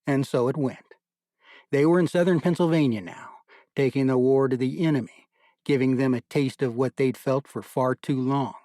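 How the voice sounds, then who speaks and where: A man narrating an audiobook in a measured, deliberate storytelling manner. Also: mid-range voice, steady tone, warm tone, no echo, clean studio sound.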